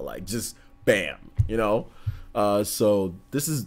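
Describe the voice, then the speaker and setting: A young man hosting a livestream, talking calmly and flatly to his chat, with lots of fillers and repeated phrases. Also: a little slow. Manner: calm, monotone, low-energy delivery. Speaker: livestream host.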